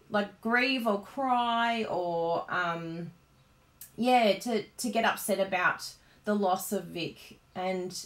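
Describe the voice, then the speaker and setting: A woman's voice: medium pitch, a bit bright. A woman with an Australian accent chatting casually on a card-making live stream. She gushes and laughs often. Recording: roomy, echoey room sound.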